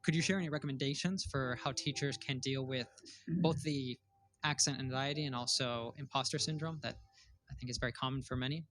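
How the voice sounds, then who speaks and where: A man hosting an interview, asking long, measured questions. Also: medium pitch, fairly even intonation, fairly bright tone. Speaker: interviewer and host.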